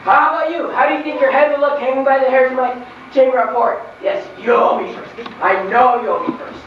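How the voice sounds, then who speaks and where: A young performer in a school stage play, playing a boy who shouts threats as wicked old Bluebeard. The voice is theatrical and heard from far off in an echoey hall. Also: high-pitched, brisk, natural voice. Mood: menacing. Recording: distant echoey hall, muffled, crowd noise.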